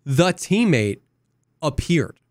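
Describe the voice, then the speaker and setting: A man's voice: fairly high pitch, sing-song, takes it slowly, a little mellow, no echo. A young man spins a long gaming anecdote in casual podcast chat. He slips into quoted voices and coughs now and then. The sound is dry and close, with no room around it. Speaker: podcast co-host.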